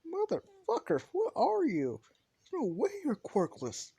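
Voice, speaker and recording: A man voicing a furious teenage boy with an explosive temper, yelling and cursing in a casual fan story. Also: very high-pitched, huge pitch swings, unhurried, gravelly, husky, pitched above the performer's own voice, exaggerated voice. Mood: enraged. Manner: shouting, cursing.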